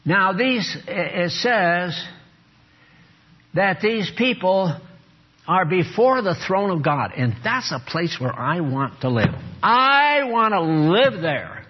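A man preaching a sermon to a small group, animated and teasing, calling on listeners by name. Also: high-pitched, slow, breathy edge. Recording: muffled lo-fi recording.

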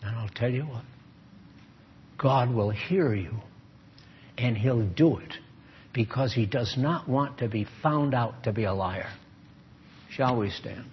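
A man's voice: mid-range voice, takes it slowly, long pauses, a little hiss or hum. An older man preaching a sermon as pastor, folksy and emphatic, with a dull lo-fi recording. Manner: folksy, emphatic, shifts into mock voices and prayer.

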